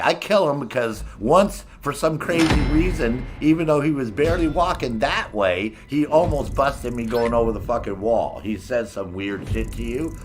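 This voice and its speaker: A man's voice: mid-range voice, noisy background. A man giving casual, rambling gameplay commentary full of swearing, explaining how he plays a heist solo. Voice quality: profane, laid-back and rambling. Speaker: gameplay streamer.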